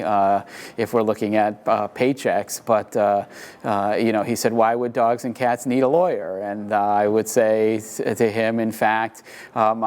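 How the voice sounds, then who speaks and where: A man's voice: fairly low pitch, a little mellow, clear, resonant tone. A man answering interview questions about animal shelters in an earnest way, with many fillers and restarts.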